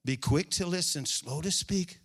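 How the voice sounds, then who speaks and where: A male pastor preaching a sermon, repeating key phrases with emphasis, drawing them out and now and then dropping to a hushed aside. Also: on the high side, a little slow, slightly rough.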